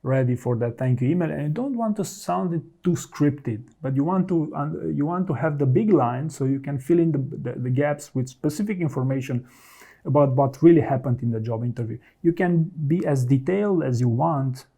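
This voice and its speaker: A man's voice: a little high, normal speed, vocal fry, warm tone. A man working as a career coach, talking straight to the viewer and giving direct, instructive advice. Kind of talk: advice talk to camera.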